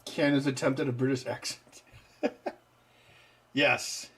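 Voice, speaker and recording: A man's voice: mid-range voice, steady tone, slow, husky. A man hosting a live stream, chatting casually with viewers in a rambling, loose way with lots of fillers. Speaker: livestream host. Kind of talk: casual chat answering live chat.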